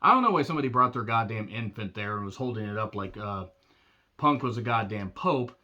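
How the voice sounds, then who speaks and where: A man giving a casual recap of a wrestling show, sarcastic and blunt, often clearing his throat. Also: lowish voice, animated, fairly quick, pushed and bright, dull audio.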